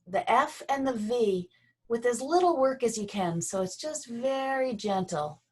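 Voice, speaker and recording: Gentle woman guiding a movement lesson. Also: fairly high pitch, animated, breathy edge. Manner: gentle, slow guiding with pauses. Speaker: Feldenkrais movement instructor.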